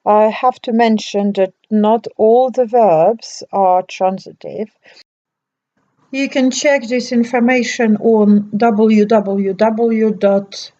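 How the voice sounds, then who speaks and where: A woman narrates a scripted language lesson at a very slow, careful pace, spelling out each example. Her voice is mellow and middle-pitched. The recording sounds dull and lo-fi. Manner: slow, careful, deliberate delivery. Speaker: language teacher.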